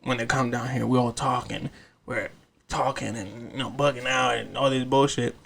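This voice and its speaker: A man's voice: medium pitch, fairly even intonation, normal speed, creaky, fairly bright tone, slight background noise. A man from California hosting a podcast, telling stories in loose, slangy casual chat with many fillers. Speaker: podcast host.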